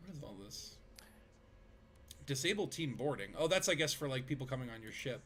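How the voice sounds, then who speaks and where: A man's voice: medium pitch, expressive, fairly quick, crowd noise. A man streaming a video game, chatting casually with friends, rambling with fillers and laughing easily. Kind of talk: casual gaming chat.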